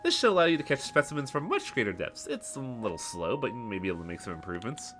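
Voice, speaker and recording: A man's voice: medium pitch, very animated, quick pace, a bit bright, a little hiss or hum. A man reading out a game researcher's lines aloud, matter-of-fact and explanatory. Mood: explaining.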